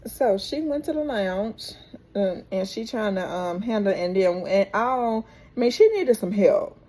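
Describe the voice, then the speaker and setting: A woman vlogger chatting through a casual, animated recap of a TV episode. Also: medium pitch. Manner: chatty, animated, drawn-out storytelling.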